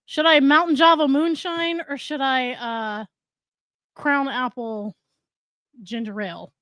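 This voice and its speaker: A woman's voice: high voice, slow, fairly bright tone, dry recording. A woman co-hosting a casual podcast, enthusiastic and swearing freely. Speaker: podcast co-host. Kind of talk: casual chat.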